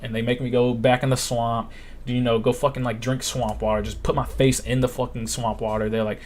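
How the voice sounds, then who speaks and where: A young man in his twenties hosts a casual live-stream Q&A, talking bluntly and with plenty of swearing. His voice sits at an ordinary middle pitch, and he acts out quotes as he tells his stories. A faint background hiss runs under his speech. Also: level tone, quick pace, darkish tone. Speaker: live stream host answering questions.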